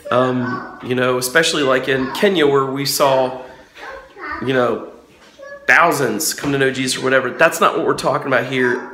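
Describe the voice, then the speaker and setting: A man's voice: mid-range voice, heavy reverb, background noise. A man, a pastor, talking casually and earnestly about faith in a devotional vlog, recorded on a porch. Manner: earnest and excited, preacherly. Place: on a front porch.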